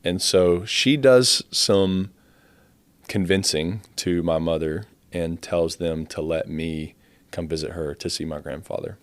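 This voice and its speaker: A young man telling his life story in a quiet, halting way. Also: low-pitched, steady tone, no echo. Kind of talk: personal testimony, told plainly.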